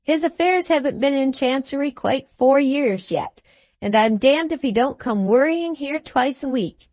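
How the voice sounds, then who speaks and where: A woman's voice: high-pitched, lively intonation, unhurried, a little mellow, dry recording, pitched above the performer's own voice. A woman voicing a petulant male law clerk who speaks in a sly, impatient way.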